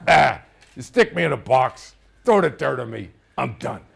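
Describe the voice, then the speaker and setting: A man putting on a gruff old Boston guy with a cigar. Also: medium pitch, sing-song, moderate pace, a bit bright, heavily acted. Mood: dismissive. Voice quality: mumbled, cigar-clenched.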